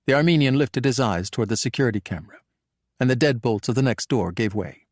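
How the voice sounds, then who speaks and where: A man's voice: medium pitch, no echo. Male audiobook narrator, dry sound. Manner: measured, even storytelling.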